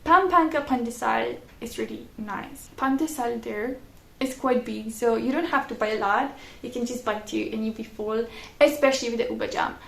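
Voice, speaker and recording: Brief: young woman vlogger, high gravelly voice, chatty storyteller, echoey room. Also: normal speed. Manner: chatty, laughing often, frequent "like" fillers. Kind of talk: casual storytelling.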